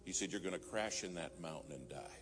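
A man's voice: low-pitched, expressive, a little fast. A man preaching a sermon, telling a story and rising to fervent emphasis. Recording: music playing behind.

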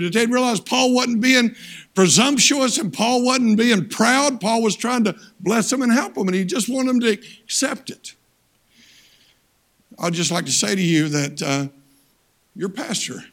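Older man, high-pitched voice, guest preacher, plain-spoken storytelling sermon. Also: a bit bright. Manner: plain-spoken, folksy storytelling with emphatic turns. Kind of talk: sermon with personal stories.

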